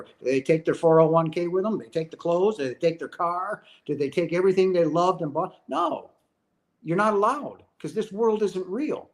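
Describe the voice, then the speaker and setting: Earnest man with a high voice, preaching. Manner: earnest, emphatic, keeps asking "right?". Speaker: host answering viewer questions. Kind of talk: casual spiritual talk.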